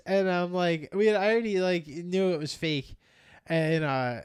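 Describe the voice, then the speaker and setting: A man co-hosting a laid-back podcast, acting out the phone calls he retells and laughing through them. His voice sits high and sounds smooth. The recording is dry and close. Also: normal speed, dry recording. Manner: animated storyteller acting out calls, laughing often. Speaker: podcast co-host. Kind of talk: casual chat.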